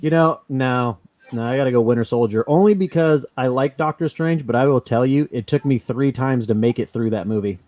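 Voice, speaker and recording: A man co-hosting a casual podcast chat, tossing out jokes and quick quips. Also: medium pitch, a little mellow, no echo. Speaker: podcast co-host.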